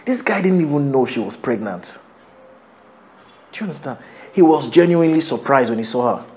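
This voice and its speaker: A man's voice: medium pitch, expressive, brisk, darkish tone, slight background noise, lightly acted. An actor with a Nigerian accent playing a worried husband who confides his unease about his wife to a friend. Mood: uneasy.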